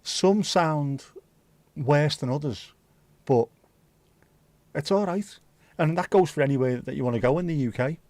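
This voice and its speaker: A man's voice: fairly high pitch, measured pace, long pauses, a little mellow, dry recording. A man hosting a livestream, chatting casually and answering viewer comments in a blunt, opinionated way, swearing freely. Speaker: livestream host.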